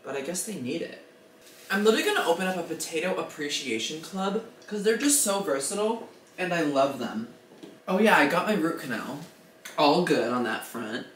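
A man's voice: fairly high pitch, lively intonation, normal speed, a bit bright, echoey room, a little hiss or hum. Dramatic, gushing young vlogger man. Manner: dramatic, self-deprecating, gushing. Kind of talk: casual vlog chatter.

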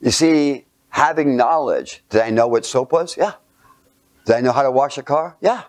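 At normal speed and medium pitch, a man delivers a sermon built around a childhood story. He's animated, occasionally sinking to a near whisper and posing rhetorical questions to his listeners.

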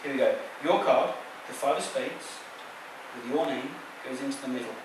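In a large theater, a male stage magician teases his volunteer through a card trick at a moderate pace in a mid-range voice. There's background noise, and the sound is echoey and far off.

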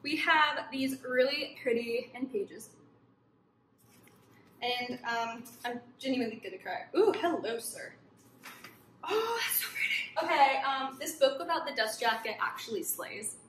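A woman book vlogger chatting casually to viewers while unboxing, gushing and excited as she talks. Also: fairly high pitch, unhurried. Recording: echoey room with faint background noise.

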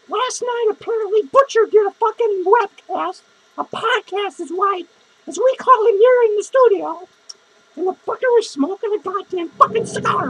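A man's voice: extremely high pitch, sharp tone, heavily acted, rough recording. A man playing a foul-mouthed, drunk, lonely female clown who rambles, curses constantly and grumbles through a comic podcast monologue. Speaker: podcast host character. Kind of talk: improvised comedy monologue.

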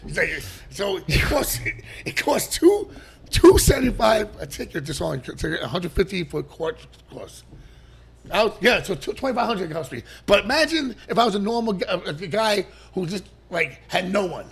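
A man, a podcast guest telling stories in casual chat, animated and profane and laughing often. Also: sits high, normal speed, vocal fry, slightly rough.

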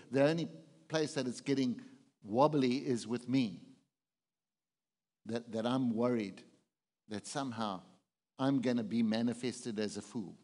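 Pastor preaching in a reverberant hall. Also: male voice, medium pitch, dark tone. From South Africa. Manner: conversational, asks the congregation questions. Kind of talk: sermon.

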